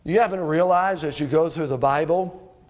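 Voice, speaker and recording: A man's voice: fairly high pitch, fairly quick. Folksy male pastor preaching. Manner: folksy, direct address to congregation, frequent "uh" and rhetorical questions. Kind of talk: sermon.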